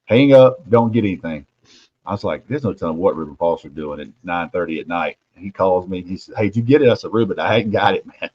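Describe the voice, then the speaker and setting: A low-pitched man spins animated stories on a casual sports talk show. His voice dips into hushed asides and jumps up for punchlines. The audio sounds muffled and lo-fi. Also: fast talker, breathy edge, no room sound. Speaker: host, recruiting reporter.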